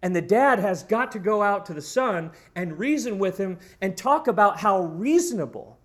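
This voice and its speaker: High-voiced, animated male preacher. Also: moderate pace. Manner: animated, emphatic, storytelling. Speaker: pastor. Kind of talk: sermon.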